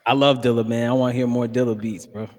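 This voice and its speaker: A man's voice: medium pitch, flat delivery, fast talker, darkish tone. A man chatting casually about hip-hop beats, laid-back and slangy, calling people "bro" and "man".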